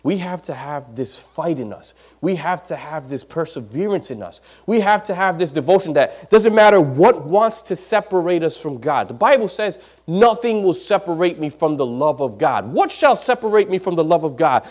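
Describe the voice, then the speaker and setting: A man delivering a sermon in a notably high voice. He swings between loud, emphatic peaks and hushed, near-whispered lines. He repeats phrases to drive them home and now and then stumbles over his words. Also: lively intonation, normal speed, few pauses. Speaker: preacher.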